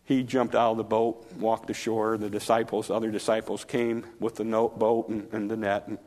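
A man's voice: on the low side, little pitch movement. Man preaching a storytelling sermon. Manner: storytelling with acted-out dialogue, slowing and softening for emphasis.

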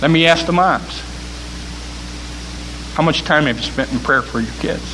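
A man preaching a sermon, building from calm talk to loud, pressing appeals. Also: a little high, moderate pace, noisy background.

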